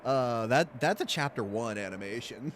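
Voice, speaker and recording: A man's voice: medium pitch, expressive, normal speed, a little hiss or hum. A young man streaming a game, chatting casually, laughing often and swearing. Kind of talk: let's play commentary.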